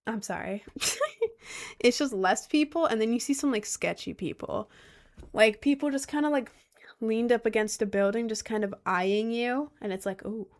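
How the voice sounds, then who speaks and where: A woman's voice: fairly high pitch, normal speed. A young woman streamer chatting casually in a rambling way, with lots of fillers. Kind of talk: casual chat.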